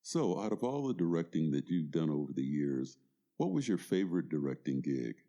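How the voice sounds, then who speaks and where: A man's voice: extremely low pitch, big pitch swings, normal speed, mellow. A man hosting a podcast interview, asking questions and encouraging his guest. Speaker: podcast host.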